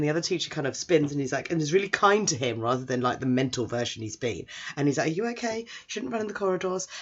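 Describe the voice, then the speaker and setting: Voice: mid-range voice, a bit bright. Chatty anime recapper. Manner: chatty, rambling, does character voices. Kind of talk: casual episode recap. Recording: dull lo-fi recording.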